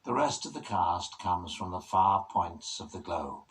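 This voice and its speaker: A man giving scripted documentary narration in a measured, formal way. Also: deep voice, slight background noise, rough recording. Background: music.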